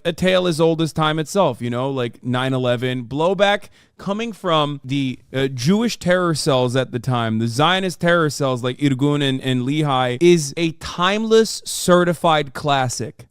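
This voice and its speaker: A man streaming live reaction commentary, ranting in an animated, profane way. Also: mid-range voice, clean tone, dry recording, clean studio sound.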